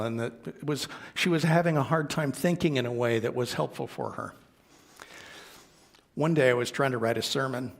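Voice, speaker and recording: A minister telling a gentle anecdote in a sermon, quoting the people he met along the way. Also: mid-range voice, vocal fry, husky. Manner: gentle anecdotal storytelling with quoted dialogue. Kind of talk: storytelling sermon.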